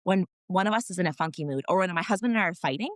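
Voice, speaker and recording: Speaking rapid-fire and expressively in a lowish voice, a woman comes through in clean studio sound with no echo. She's a podcast guest who works as a wellness practitioner, and in this relaxed interview she recounts family stories openly and emotionally, with the odd mild swear word.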